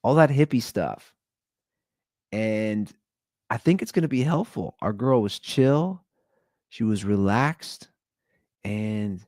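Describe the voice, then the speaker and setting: A man in his thirties with a lowish voice that jumps all over the place, hosting a casual solo podcast from home. He rambles, going from loud bursts to muttered asides. The sound is dry and close. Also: no room sound. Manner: animated, rambling, swings between loud bursts and low asides. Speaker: podcast host.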